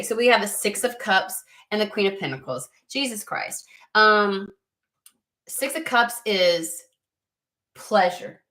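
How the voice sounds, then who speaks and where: A woman's voice: medium pitch, a bit bright. A woman giving a casual tarot reading to her viewers in a rambling, frank manner, swearing freely. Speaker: tarot card reader.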